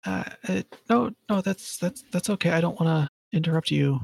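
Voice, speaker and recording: Man playing a nervous polite adventurer, gravelly voice, fairly high, stammers, dry close sound. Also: normal speed, dry recording. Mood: awkward.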